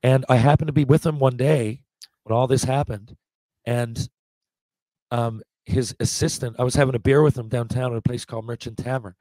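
A man in his forties, a podcast guest, telling lively anecdotes in casual talk, acting out what people said and often restarting his sentences. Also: mid-range voice, normal speed, dry recording. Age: 40s. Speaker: podcast guest, former hockey player. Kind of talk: casual storytelling.

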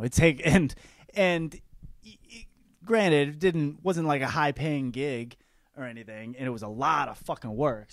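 A young man rambles through a comic monologue, cocky and swearing freely, stumbling over restarts. His voice sits at a middle pitch and is recorded close and dry, with no room sound. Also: a little mellow, dry recording. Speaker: podcast host.

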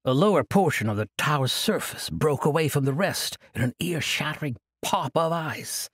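A man narrating a fantasy audiobook in an expressive storytelling manner. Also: a little high, moderate pace, few pauses, slightly rough, no room sound, clean studio sound.

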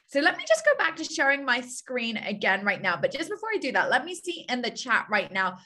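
A woman's voice: on the high side, big pitch swings, a little fast, hardly any pauses, sharp tone. A woman hosting a team video call, coaching listeners in an upbeat way and repeating her key points. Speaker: call host.

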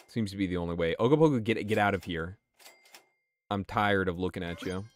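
A man's voice: sits low, a little fast, slight background noise. A man streaming a game, talking casually and swearing while he answers his chat. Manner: chatty and profane, answering chat. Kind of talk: casual gameplay commentary.

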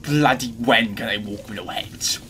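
A man's voice: on the low side, normal speed, noisy background. A young man commentating a horror game as he plays, swearing often and yelping when startled. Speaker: gaming channel host.

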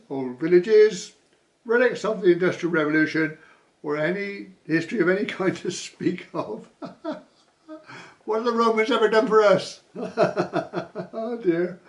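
A man's voice: a little high, creaky. A man vlogging casually, reading viewer comments aloud with dry asides and frequent chuckles.

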